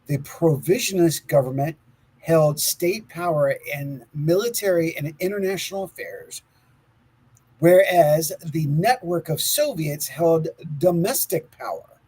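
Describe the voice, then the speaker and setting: Here a slightly high, warm, husky-voiced man speaks a bit slowly on a rough recording. Co-hosting a laid-back conspiracy podcast, he reads aloud from notes, often laughing and fumbling words.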